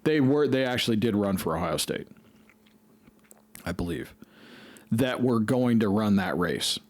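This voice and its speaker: A man's voice: lowish voice, animated, a little slow, a little mellow, no echo. A man hosting a podcast, telling a rambling, profane story in casual chat. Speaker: podcast host.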